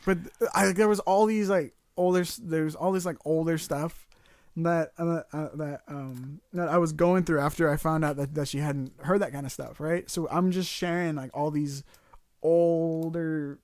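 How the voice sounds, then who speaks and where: Higher-voiced young man, casual podcast chat. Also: fairly even intonation, moderate pace, a little mellow, dry recording. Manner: rambling, with many restarts. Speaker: podcast co-host.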